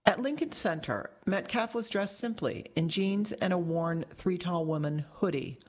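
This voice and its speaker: A woman reads a long-form article aloud in scripted narration. Her voice sits a little low for a woman. The delivery is measured and articulate. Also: animated, darkish tone. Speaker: narrator reading a magazine article.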